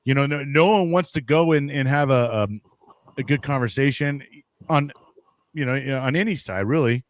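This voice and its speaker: A man's voice: medium pitch, normal speed. A man hosting a casual podcast talk, rambling with many restarts, fillers and casual swearing. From United States. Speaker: podcast host. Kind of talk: casual conversation.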